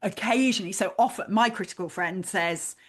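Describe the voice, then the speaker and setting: During a coaching session, a woman who works as a life coach talks with lively energy, rapidly performing bits of someone's inner dialogue. She has a mid-range voice with a fairly bright tone.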